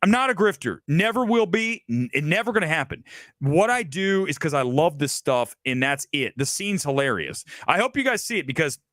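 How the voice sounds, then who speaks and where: Animated, opinionated male movie host. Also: fairly high pitch, normal speed, dry recording, studio quality. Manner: animated, opinionated rant with mocking asides. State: tired late at night. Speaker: film talk show host. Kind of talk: live-streamed movie talk.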